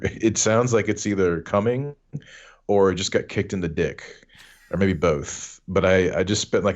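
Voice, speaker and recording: A man with a very low voice talks through a game podcast in a relaxed, casual way. His humor is dry and deadpan. The recording is dull and lo-fi. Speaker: podcast co-host. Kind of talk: casual chat.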